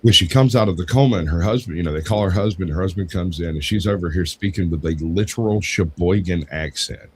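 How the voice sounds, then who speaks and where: A man's voice: low voice, quick pace, hardly any pauses, slight background noise, rough recording. A man co-hosting a casual talk show, telling long rambling anecdotes and acting out the people in them. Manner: rambling anecdotes with acted quotes. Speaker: podcast co-host. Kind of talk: casual storytelling chat.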